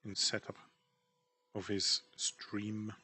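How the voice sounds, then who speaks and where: A man's voice: fairly low pitch, completely flat delivery, slow, bright, forceful tone, husky. A man chatting casually while drawing on stream, rambling and self-deprecating about his work. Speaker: artist streamer.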